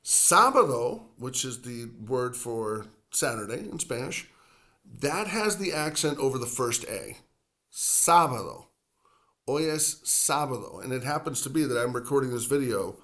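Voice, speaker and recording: A man from the United States gives a casual Spanish lesson at a middle pitch. He talks in a loose, chatty way with asides, and drops to a slow, careful pace whenever he models a word. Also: fairly bright tone. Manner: chatty and digressive, slows to spell out words. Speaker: Spanish teacher.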